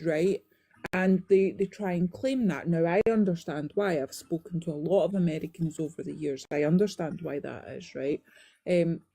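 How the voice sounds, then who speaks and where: A woman chatting casually on a live stream, telling animated stories and checking in with "right?" as she goes. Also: medium pitch, slightly rough, no echo. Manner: animated storytelling, frequent "right?" tags. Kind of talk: casual chat.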